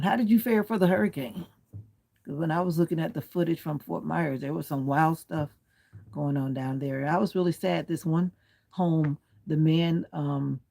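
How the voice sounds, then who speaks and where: A livestream host talks casually from home, lying back on a pillow beneath a comforter, taking viewer comments one after another and politely holding the line on clean language. He has a slightly high, creaky, mellow voice.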